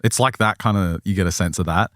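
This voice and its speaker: A man's voice: sits low, quick pace, no echo, studio quality. A man, a bit under the weather, co-hosting a podcast and telling a strange story in casual chat. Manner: lively, laughs often while telling. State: a little sick. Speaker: podcast co-host.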